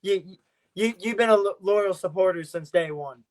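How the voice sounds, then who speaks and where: A man with a notably high speaking voice guests on a podcast as a wrestler. He talks trash with cocky confidence, hammering the same points again and again. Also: normal speed, darkish tone. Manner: boastful trash talk, repeats his points. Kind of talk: casual podcast interview.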